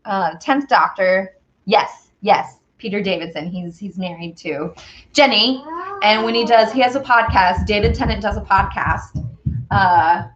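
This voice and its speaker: A woman's voice: medium pitch, a little slow, a bit bright, highs cut off, slight background noise. A woman hosting a casual baking stream, chatting bubbly with viewers and a small child. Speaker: baking show host. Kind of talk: casual baking livestream chat.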